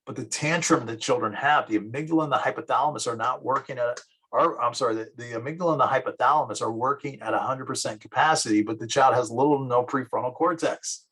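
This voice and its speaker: A middle-aged man teaching psychology in a lively classroom lecture, acting out little scenes of children and parents as he goes. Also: mid-range voice, husky, low-quality recording. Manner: lively, acts out children and parents in quick asides.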